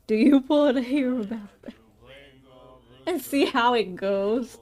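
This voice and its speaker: A woman's voice: fairly high pitch, takes it slowly, long pauses, mellow. A woman playing a tabletop role-playing game who chats casually, giggles often and reads bits aloud from the book. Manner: giggly, chatty, reads out from a rulebook. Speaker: player.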